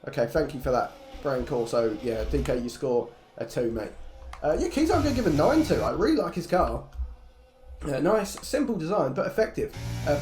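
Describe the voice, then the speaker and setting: A man calls a live online race with a high-ish, bouncy voice, cracking jokes and swearing bluntly. His voice rings in a roomy space, with faint music playing underneath. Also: a little mellow. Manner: jokey, blunt, swears freely. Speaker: race commentator. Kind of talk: live esports race commentary.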